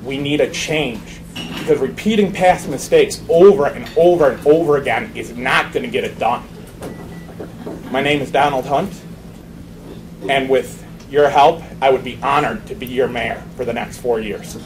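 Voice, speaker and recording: A man's voice: mid-range voice, normal speed. A man running for mayor, giving an impassioned, emphatic campaign speech. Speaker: mayoral candidate. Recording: noisy room recording.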